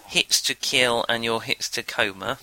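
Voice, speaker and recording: A man acts as game master, talking over the rules in a loose, chatty way. His voice has a gravelly rasp, with a very bright, forceful edge. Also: mid-range voice, measured pace, a little hiss or hum, rough recording. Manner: relaxed, chatty, explains rules with fillers. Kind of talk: casual tabletop game chat.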